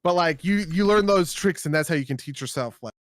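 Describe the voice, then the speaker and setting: Speaking a little fast in a fairly high voice, a U.S. man co-hosting a casual podcast chat rambles along with plenty of fillers, tagging his points with "right?".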